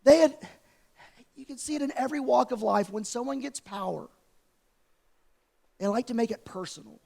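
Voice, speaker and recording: A pastor delivering a sermon in a church in a loose, conversational way, retelling scenes with animated asides. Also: male voice, extremely high pitch, normal speed, creaky. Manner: conversational, animated storytelling preacher. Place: church sanctuary.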